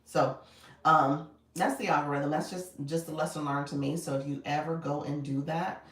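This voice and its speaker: Chatty low-voiced coach, roomy distant sound. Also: female voice, fairly even intonation, moderate pace. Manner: chatty, greets viewers by name, laughs often. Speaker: live coach. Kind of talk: casual livestream chat.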